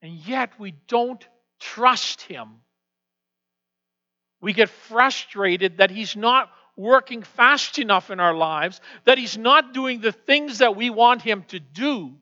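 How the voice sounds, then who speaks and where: A man preaching a sermon as pastor, swinging from hushed, quiet passages to loud, emphatic declarations. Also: sits high, takes it slowly. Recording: dull lo-fi sound with long hall reverb.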